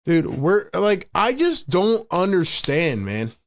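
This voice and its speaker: Guy doing fan play-by-play on a live stream, kinda high voice, annoyed, ranting and sighing between plays. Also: very animated, slow pace, a little hiss or hum. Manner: frustrated, exasperated fan calling the game; sighs and rants between calls.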